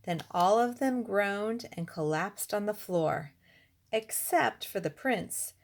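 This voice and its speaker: A woman reading a rhyming children's storybook aloud with an expressive, rhythmic delivery. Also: medium pitch, slow. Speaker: reader.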